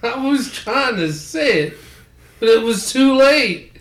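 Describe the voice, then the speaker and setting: A man's voice: extremely high pitch, animated, fairly bright tone. A man co-hosting a podcast in casual chat, drawling and cursing as he talks. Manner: slow, drawn-out and profane. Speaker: podcast co-host. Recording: roomy room sound with faint noise.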